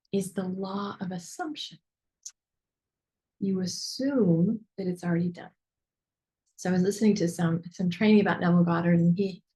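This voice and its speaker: Chatty woman business mentor. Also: fairly low pitch. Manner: animated, chatty, lots of fillers and asides. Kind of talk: coaching session teaching.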